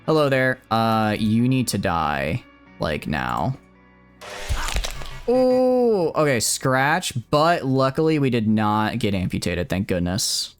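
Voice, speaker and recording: Here a gaming streamer speaks slowly but very animatedly in a mid-range voice as he plays a video game, faint music behind him. He rambles casually through jokes and swears a lot whenever frustration hits. Loud shouts are capped by his streaming microphone settings.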